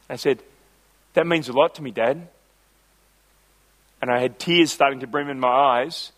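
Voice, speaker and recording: A middle-aged man delivers a sermon in a high, light voice. He mixes personal stories with scripture and stretches out his main points, slowing right down and getting more emphatic as he goes. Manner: builds to emphatic, slowed phrases on key lines. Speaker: preacher.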